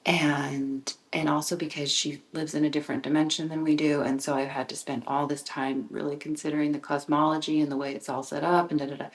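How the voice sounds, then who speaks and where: Low-voiced woman musing softly. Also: a little fast, hardly any pauses, rough recording. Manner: musing, drifting into soft whispered phrases; frequent restarts and fillers when excited. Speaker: podcast host and author. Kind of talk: reflective solo monologue.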